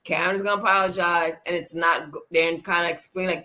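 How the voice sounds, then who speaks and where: A woman co-hosting a casual reality TV recap chat, acting out quotes with big jumps in pitch. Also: fairly even intonation, fairly quick, sharp tone. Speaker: reality TV podcast co-host.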